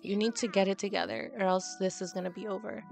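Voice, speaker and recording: A woman talking through a life-sim game in casual, chatty commentary, dramatic and easily exasperated. Her voice sits at a middle pitch for a woman. Faint game music plays under her voice. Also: fairly even intonation, fast talker, vocal fry, a little mellow. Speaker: let's play host.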